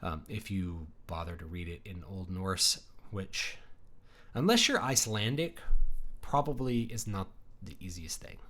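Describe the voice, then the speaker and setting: A man's voice: deep voice, lively intonation, unhurried, pushed and bright. A man hosting a casual livestream, talking in a rambling conversational way with many fillers and restarts, reading viewer messages. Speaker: livestream host.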